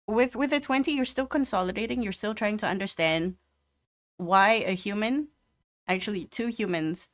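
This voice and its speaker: A woman's voice: medium pitch, normal speed. A woman narrating as game master of a tabletop game, hesitant with many fillers.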